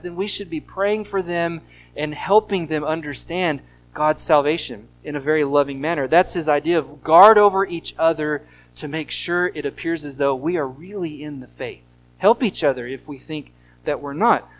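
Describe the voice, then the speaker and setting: A man preaching a sermon as pastor, teaching earnestly and slowing down to stress key phrases. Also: a little high, low-quality recording.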